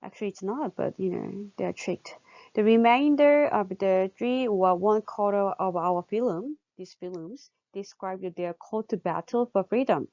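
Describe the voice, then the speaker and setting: A woman with a Korean accent lectures at a steady, explanatory pace, asking her students questions and filling pauses as she thinks. Her voice carries a gravelly edge. The recording is dull and dry, like a simple lecture-capture setup. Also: mid-range voice, dry recording. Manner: explanatory, with many fillers and rhetorical questions. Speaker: university lecturer.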